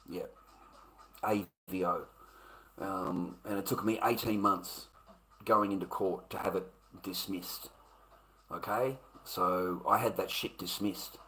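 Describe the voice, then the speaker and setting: A man with an Australian accent talks straight to his live chat in a low voice. He rambles, circles back on his own phrases and swears heavily as he defends himself. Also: bright, forceful tone, poor audio. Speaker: livestreamer. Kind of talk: casual ranting to a live chat.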